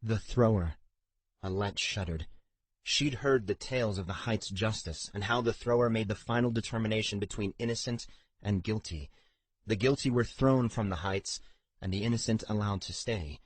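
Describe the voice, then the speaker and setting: A man narrating an audiobook in a steady, even storytelling delivery. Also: on the low side, normal speed, dry recording. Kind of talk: scripted narration.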